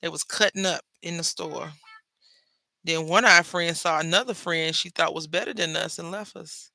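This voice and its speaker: A man with a high, gravelly voice and a sharp, very bright edge hosts a crafting video. He chats in a playful, gossipy way and keeps throwing asides to his viewers. The sound is close and dry. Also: normal speed, no echo. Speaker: craft channel host. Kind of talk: casual crafting chat.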